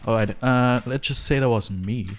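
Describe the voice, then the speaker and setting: Alone in a room at home, a man live-streams a game, rambling and joking to his chat with frequent chuckles. His voice is medium-pitched at normal speed, with slight background noise.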